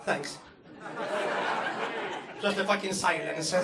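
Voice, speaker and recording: A young Greek comedian with a Greek accent and a voice pitched high for a man does a brisk stand-up set on a comedy club stage, full of sardonic, profane mock outrage. His stage microphone is heard from some distance in the audience, so the club sounds roomy, with crowd hum and laughter behind him.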